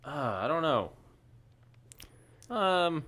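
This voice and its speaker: A man's voice: a little high, sing-song, very slow, a bit bright. A young man co-hosting a podcast, chatting casually, rambling and joking with frequent laughs. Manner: rambling, jokey, laughs often. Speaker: podcast co-host. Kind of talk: casual chat.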